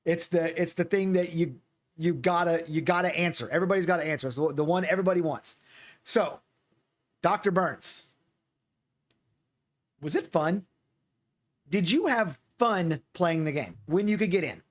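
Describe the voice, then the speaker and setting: A man hosting a casual livestream chat, reading chat messages and talking in halting, self-repeating bursts. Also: on the high side. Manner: halting, repeats words, reads chat aloud. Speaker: streamer host.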